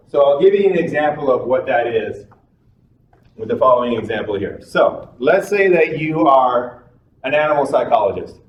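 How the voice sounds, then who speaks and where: A man's voice: mid-range voice, highs cut off. A man giving a psychology lecture in a classroom, talking in a conversational way, repeating himself and putting questions to the class. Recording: echoey room from a distance, faint noise.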